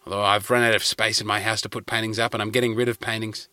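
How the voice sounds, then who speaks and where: A man with an Australian accent, a comedian hosting his podcast, telling rambling stories with wry, animated asides from inside a parked car. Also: on the low side, quick pace, no room sound. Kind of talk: casual comic storytelling. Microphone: podcast mic in a car.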